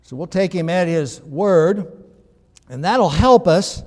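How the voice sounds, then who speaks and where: High-voiced male pastor in reverberant church. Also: expressive, takes it slowly, darkish tone. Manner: conversational, emphatic, with frequent restarts. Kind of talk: sermon.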